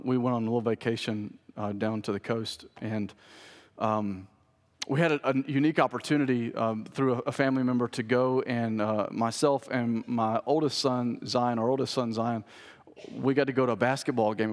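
A man's voice: medium pitch, darkish tone. A man, a pastor preaching a sermon in a conversational, storytelling way. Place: church sanctuary. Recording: long church hall reverb.

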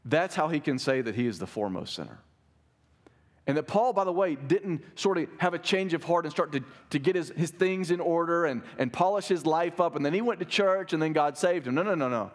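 A man's voice: a little high, animated, fairly quick. Earnest man preaching a conversational sermon. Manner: earnest, conversational, asks listeners "right?". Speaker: pastor.

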